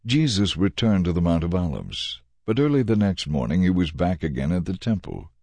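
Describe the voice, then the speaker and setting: A man narrating a dramatized Bible reading with expressive delivery, shifting into voices for the characters. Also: low-pitched, no room sound. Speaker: scripture reader.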